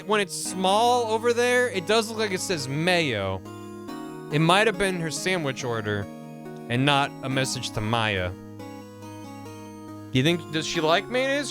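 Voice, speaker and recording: Animated male streamer over game music. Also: fairly high pitch. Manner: animated, jokey asides, mild swearing. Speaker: streamer playing a video game. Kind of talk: live game commentary, reading dialogue aloud. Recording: game music playing underneath.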